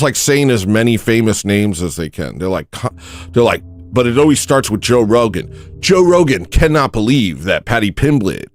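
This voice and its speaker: A man hosting a comedic livestream, chatting in a rambling deadpan way and thanking viewers for tips. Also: mid-range voice. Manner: deadpan, drifts into loud baby-cry impressions. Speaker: livestream host.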